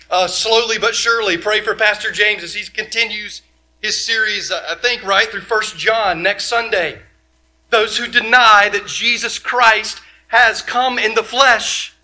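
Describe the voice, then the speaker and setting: A male pastor preaching a sermon, emphatic, asking many rhetorical questions and swinging from loud to quiet. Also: sits high.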